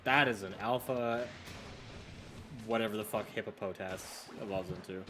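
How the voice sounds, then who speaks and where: A man's voice: on the low side, normal speed, background noise. A man streaming a game in casual chat, swearing and answering dryly and defensively.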